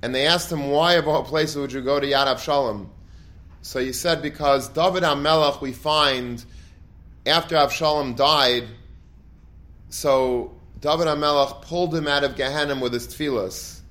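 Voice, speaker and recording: An earnest man tells a Torah story with feeling, his voice sitting a touch high for a man. He restarts phrases often and weaves Hebrew and Yiddish terms into his English. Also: moderate pace, a bit bright. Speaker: Torah teacher.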